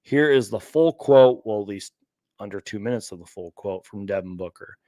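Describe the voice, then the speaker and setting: A man's voice: fairly low pitch, normal speed, mellow, dry recording. A man hosting a sports channel, ranting live and reacting to clips with exasperated sighs. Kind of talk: late-night live rant reacting to clips.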